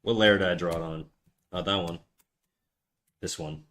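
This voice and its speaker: A young man streaming live as he draws, chatting casually with his viewers and trailing off quietly while he concentrates. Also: low voice, steady tone, normal speed.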